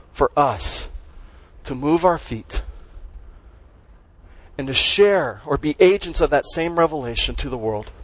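A man's voice: on the high side, no echo, low-quality recording. A man preaching a sermon as pastor, stressing and repeating key words as he teaches.

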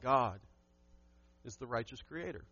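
A man's voice: medium pitch, animated, unhurried, bright, forceful tone, husky, no echo, highs cut off, faint music behind. A man preaching a sermon to his church, emphatic and asking the congregation questions. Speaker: pastor.

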